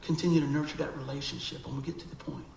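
Gravelly preacher man telling a story. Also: fairly high pitch, racing, roomy sound, slight background noise, low-quality recording. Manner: animated storyteller, acts out quoted voices. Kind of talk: storytelling sermon.

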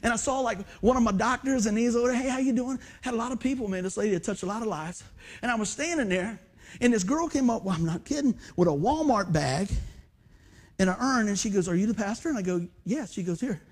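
Animated preacher, high-pitched man. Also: quick pace. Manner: animated, acts out quoted voices, laughs often. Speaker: pastor. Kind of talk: storytelling sermon.

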